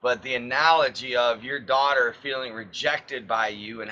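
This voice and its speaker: Male host, bright voice, reacting to a guest's story, affirming. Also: medium pitch, fairly even intonation, moderate pace, highs cut off. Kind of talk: interview reflection.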